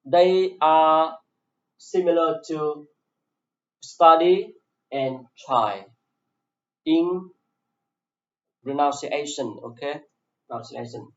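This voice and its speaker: A man with a Vietnamese accent, a native Vietnamese speaker teaching an English class, going very slowly and saying each word several times over. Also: fairly high pitch. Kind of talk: slow classroom explanation. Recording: echoey room, dull lo-fi sound.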